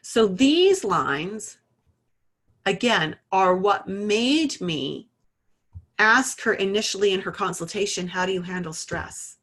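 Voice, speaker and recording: A woman gives an iridology lesson in an easy, conversational voice at a middle pitch. She tells a client's story and narrates a hands-on demonstration, pausing to adjust what the viewers see. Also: lively intonation, fairly bright tone. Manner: conversational, talks through a case story and adjusts a camera while speaking. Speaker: iridology teacher. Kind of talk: explanatory lesson with a live demonstration.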